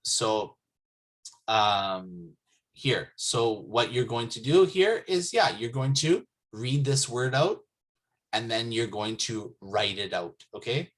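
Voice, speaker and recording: A male teacher walks his class through Arabic pronunciation at an unhurried pace. He repeats each word carefully and keeps pausing to check in with his learners. His voice sits at an ordinary middle pitch. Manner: patient, repeats words and checks understanding with "okay?". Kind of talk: slow classroom explanation. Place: mosque classroom.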